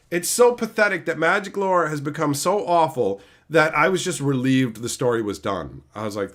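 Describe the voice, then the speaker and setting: Young male streamer, sarcastic angry ranter, very animated pitch. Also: moderate pace, hardly any pauses. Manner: angry, profane, sarcastic ranting. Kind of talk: livestream rant.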